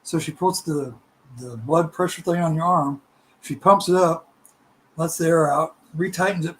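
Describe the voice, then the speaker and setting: A middle-aged man telling a casual, animated story, laughing and acting out other people's voices. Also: sits high, low-quality recording. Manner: animated, laughing, acts out voices in his stories.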